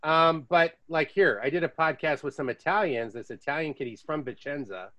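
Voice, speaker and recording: An American man hosting a podcast, telling stories in a chatty, casual way with lively asides. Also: a little high, normal speed, highs cut off. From United States. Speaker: podcast host. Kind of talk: casual chat.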